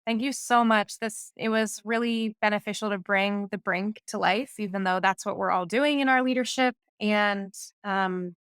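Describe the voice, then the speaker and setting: A woman co-hosting a studio talk show, explaining her points in an animated, conversational way. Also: medium pitch, normal speed, hardly any pauses, smooth, no echo. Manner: animated, acts out quoted voices while explaining. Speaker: podcast co-host. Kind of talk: casual conversation. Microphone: studio mic.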